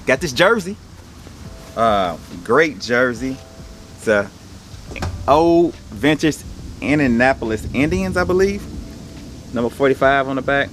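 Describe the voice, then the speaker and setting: A man's voice: mid-range voice, animated, unhurried, long pauses, fairly bright tone, slight background noise. A young man casually talking through his resale haul in a laid-back, rambling, slangy way. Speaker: online reseller showing his haul.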